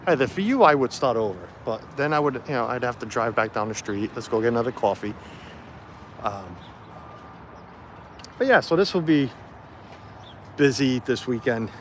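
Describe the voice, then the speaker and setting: A man's voice: medium pitch, lively intonation, normal speed, pauses often. Guy rambling on a phone livestream outside, lots of uhs, bit of street noise behind. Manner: rambling, chatty, many fillers and restarts. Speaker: livestream vlogger. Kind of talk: casual livestream walkthrough. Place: outdoors on a street at a festival site. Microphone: phone camera held while walking.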